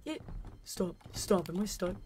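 A woman's voice: mid-range voice, expressive, unhurried, mellow, slight background noise. A woman gamer, scared and pleading, who keeps repeating herself while she chats casually during play. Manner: frightened, pleading, repeats words. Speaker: gamer playing along. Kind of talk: casual game chat.

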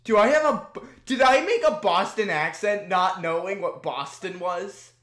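A young adult host giving casual, animated commentary on old videos. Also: mid-range voice, moderate pace. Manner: animated, laughing, exclaiming. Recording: echoey room.

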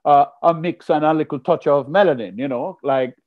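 A Jamaican man doing stand-up comedy with a playful, punning delivery. His voice sits fairly high for a man. It comes through a muffled video call. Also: moderate pace. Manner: playful, punning, animated storytelling.

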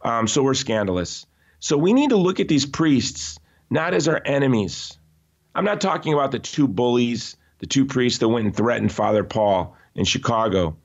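A man's voice: mid-range voice, animated, normal speed. Man, interview guest, emphatic storyteller, lots of restarts, lo-fi muffled sound. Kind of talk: conversational podcast interview.

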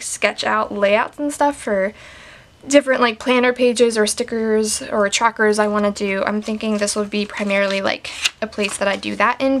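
A woman's voice: a little high, a bit bright, a little hiss or hum. A woman vlogger chatting casually while showing off her stationery setup, with lots of "like" fillers. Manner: enthusiastic. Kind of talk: casual show-and-tell chat.

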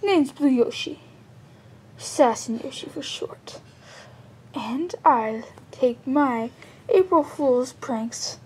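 A woman's voice: high-pitched, lively intonation, slow, pauses often, husky. A woman voicing every character in a comedic fan skit, stammering with hesitant restarts. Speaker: fan video maker voicing all characters.

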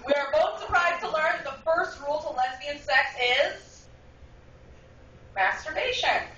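A young woman performing a spoken word poem live in a bar, telling it with wry, lively timing. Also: sits high, unhurried. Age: young adult. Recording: echoey bar, distant lo-fi mic.

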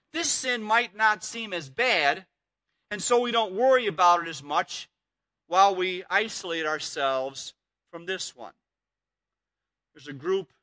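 Pastor, male, high bright voice, earnest emphatic sermon delivery, dry close sound. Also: no echo. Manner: earnest and emphatic, repeating key words.

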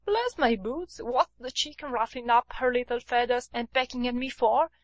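Lazy teasing young college man, read by a woman, drawling, fairly high voice, dry sound. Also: moderate pace, no echo, close to an everyday voice. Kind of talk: audiobook character reading.

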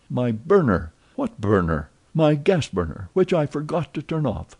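An eager young French manservant, as a male narrator puts him on in a storybook reading, chattering in a lifted, bouncing voice. The tone stays warm and mellow under the excitement, every line tipping toward an exclamation. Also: fairly high pitch, pitched above the performer's own voice, exaggerated voice.

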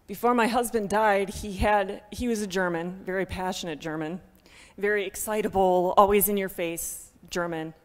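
A woman giving an emotional church testimony into a microphone. She is heartfelt, laughs often and speaks loudly. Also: medium pitch, fairly even intonation, slow pace, pauses often. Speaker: guest speaker sharing a ministry testimony. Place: church sanctuary. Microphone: handheld microphone. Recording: long reverb of a church hall.

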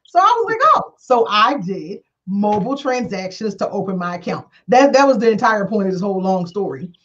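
A woman hosting a talk show, telling a story casually with animated, acted-out dialogue and frequent laughter. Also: fairly quick. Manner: animated, acts out quoted dialogue with big pitch jumps; laughs often while talking. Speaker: attorney and show host. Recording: dull lo-fi sound.

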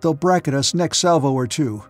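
A male narrator voicing a sweating, red-faced crewman who yells his questions. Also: on the high side, normal speed, faint music behind, lightly acted. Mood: urgent. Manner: yelling, then awed.

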